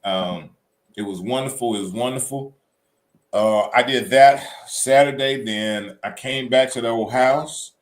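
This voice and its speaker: A man co-hosting a casual chat show, telling weekend stories in an animated, colloquial way. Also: mid-range voice, measured pace. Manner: animated storytelling, Southern colloquial. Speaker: co-host.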